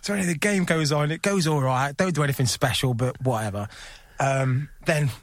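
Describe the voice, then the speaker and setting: A man's voice: on the high side, brisk, no room sound, clean studio sound. A man, a former footballer, telling a casual story as a podcast guest. He laughs often and acts out what other people said.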